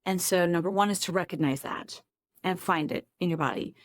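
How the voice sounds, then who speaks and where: A woman therapist speaks to camera from her home office, her voice sitting on the low side for a woman. She explains things casually, with self-deprecating asides. The sound is close and dry, with no room echo. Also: fairly quick. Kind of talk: casual talk-to-camera teaching.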